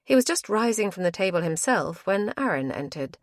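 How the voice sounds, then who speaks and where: In a measured, even storytelling style, a woman narrates an audiobook from a script. Her voice sits in the mid-range, and the recording is dry with studio quality.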